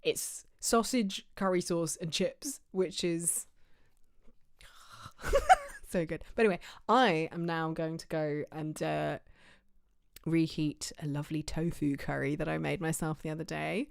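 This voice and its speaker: A woman's voice: low voice, fairly even intonation, a little slow, gravelly, dry recording, clean studio sound. An English woman streamer chatting casually, rambling with lots of fillers and restarts. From England. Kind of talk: casual livestream chat.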